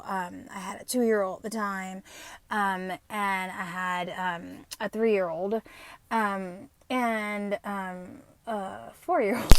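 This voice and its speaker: A woman's voice: mid-range voice, fairly bright tone, no room sound. A woman in her fifties, hosting her podcast and telling a personal story in a blunt, profane way with many fillers. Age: 50s. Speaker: podcast host.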